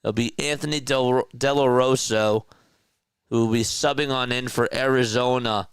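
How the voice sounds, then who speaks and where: A man's voice: medium pitch, fairly even intonation, normal speed, smooth, dry recording. A young man from South Jersey with a South Jersey accent, calling live basketball play-by-play in a chatty way, laughing at his own asides. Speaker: play-by-play commentator.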